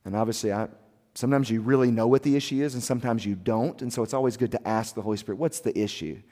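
A soft-spoken man preaching a sermon as a pastor, telling his story in an earnest, confessional way. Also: mid-range voice, fairly even intonation, fast. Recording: long hall reverb.

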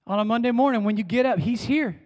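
High-voiced pastor in an echoing church. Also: male voice, fast talker. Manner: dynamic, swinging from emphatic calls to hushed words; call-and-response with the congregation. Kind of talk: sermon. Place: church sanctuary. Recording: long church-hall reverb.

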